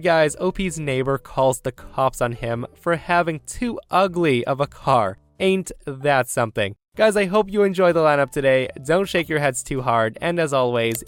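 A man hosting a story podcast, reading Reddit posts aloud with excitable, animated energy. His voice is smooth and resonant at a middle pitch, with soft music playing underneath. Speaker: host. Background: faint background music.

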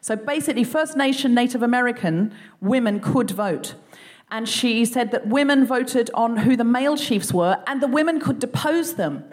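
A woman with an Australian accent hosting a live comedy quiz, playful and chatty, quick with asides. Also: fairly high pitch, expressive. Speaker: comedy podcast host. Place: live venue stage.

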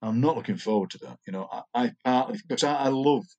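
A man's voice: medium pitch, fast, dark tone, muffled recording. An older man, a poet chatting enthusiastically as an interview guest. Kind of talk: casual interview chat.

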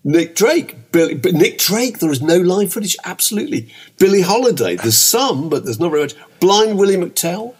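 A man's voice: sits high, sing-song, normal speed, few pauses, husky. An older man co-hosting a podcast, chatting in a rambling way with many asides. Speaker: podcast co-host. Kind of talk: casual chat.

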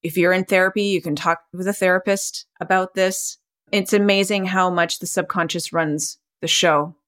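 A woman's voice: lowish voice, steady tone, moderate pace, a bit bright. A middle-aged woman hosting a podcast, guiding listeners through a self-help exercise in an encouraging, conversational way and laughing often. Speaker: podcast host and coach.

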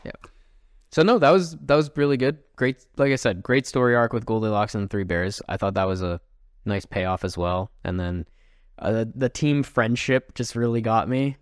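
A man's voice: lowish voice, moderate pace, clean tone, no echo, clean studio sound. Upbeat laughing male podcast co-host. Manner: laughs often, upbeat and enthusiastic. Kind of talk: casual chat.

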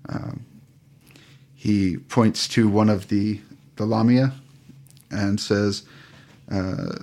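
A man narrating a tabletop game as game master, unhurried and halting, with many fillers. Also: fairly low pitch, fairly even intonation, a little mellow.

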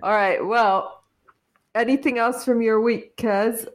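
A woman's voice: a little high, steady tone, slow. A woman co-hosting a podcast, bantering and teasing with a laugh in casual chat. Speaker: podcast co-host.

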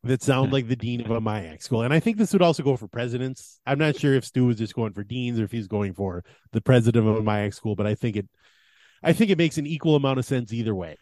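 A man's voice: mid-range voice, fast, darkish tone, no room sound. Guy hosting a chatty podcast, fake-serious countdown, keeps laughing, dry close mic. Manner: mock-solemn countdown delivery, laughing at his own bits. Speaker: podcast co-host. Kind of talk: casual comedic podcast chat.

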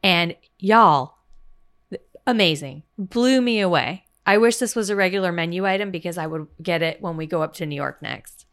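A woman's voice: on the low side, normal speed, fairly bright tone. A woman co-hosting a podcast, chatting enthusiastically about restaurant meals. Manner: chatty, enthusiastic food storytelling. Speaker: podcast co-host. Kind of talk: casual chat.

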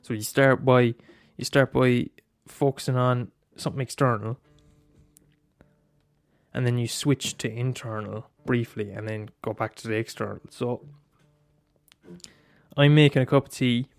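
A man's voice: mid-range voice, fairly even intonation, a little slow, vocal fry, long pauses, smooth, no room sound, soft background music. A man in a rambling casual monologue, swearing often and restarting his sentences.

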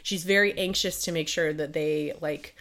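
A woman's voice: deep voice, moderate pace, gravelly. A woman in her late twenties co-hosting a podcast, casually retelling a novel's plot and acting out the characters' lines. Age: late 20s. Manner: animated storyteller, acts out characters' lines. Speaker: podcast co-host. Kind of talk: casual book chat, summarizing a plot.

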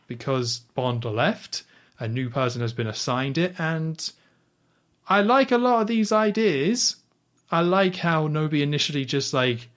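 A man co-hosting a casual film podcast, who retells a scene and quotes its lines. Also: medium pitch. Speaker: podcast co-host.

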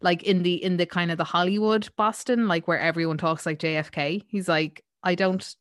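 Irish woman, podcast co-host, low-ish voice, loose filler-heavy chat, dead dry room. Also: steady tone, brisk, no echo. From Ireland. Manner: rambling with many fillers and swearing. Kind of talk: casual chat.

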